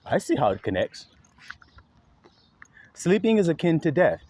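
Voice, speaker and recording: Animated male preacher, swinging pitch. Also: unhurried, a little hiss or hum. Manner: animated, swings pitch widely, acts out exaggerated voices; calls out rhetorical questions to listeners. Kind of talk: sermon.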